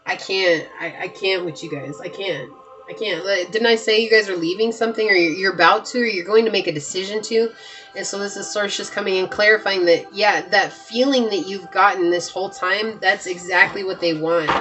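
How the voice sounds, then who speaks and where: A woman's voice: medium pitch, a little fast, a bit bright, soft background music. A woman giving a pick-a-card tarot reading, talking straight to her viewers with lots of emphatic repetition. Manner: emphatic, repeats herself, talks straight to viewers. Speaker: tarot reader.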